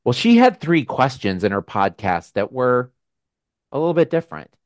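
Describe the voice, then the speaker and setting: A man hosting a casual video call with his members, talking in a gentle, musing way with frequent restarts. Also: medium pitch, huge pitch swings, moderate pace, no echo, clean studio sound. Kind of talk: casual reflective talk.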